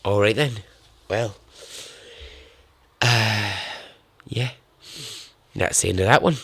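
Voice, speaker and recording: A man's voice: on the low side, slow pace, a bit bright, husky, no room sound. A man hosting a podcast, signing off in a loose, chatty ramble with some swearing. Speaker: podcast host. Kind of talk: casual rambling sign-off.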